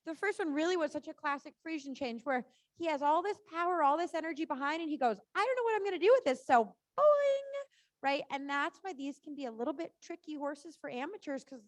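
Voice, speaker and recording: A woman's voice: sits high, no echo. A woman riding instructor coaching a rider through a live lesson, chatty and encouraging, often saying "right?" and "good".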